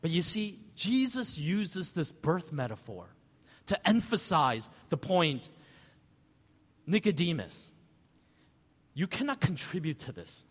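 Male pastor, conversational sermon, lively swooping pitch, long church-hall echo. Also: a little slow. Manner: conversational, animated preaching with rhetorical questions.

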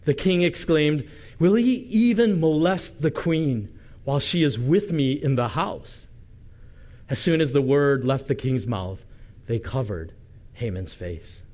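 A male pastor preaching a sermon, reading scripture dramatically and telling the story with lively asides and light humor. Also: fairly high pitch.

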